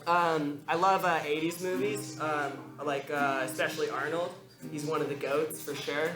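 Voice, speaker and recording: A young man does a stand-up set at a college open mic, rambling through his bits with plenty of fillers and chuckling at his own jokes. His voice sits a little high for a man. The room is echoey, with music playing behind. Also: steady tone, normal speed. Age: young adult. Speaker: stand-up comedian.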